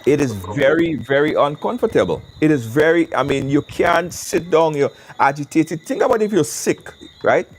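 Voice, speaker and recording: On the high side and at normal speed, with few pauses, this Caribbean show host runs a live call-in program outside in windy conditions. His talk is casual and animated, driven by emphatic repetition.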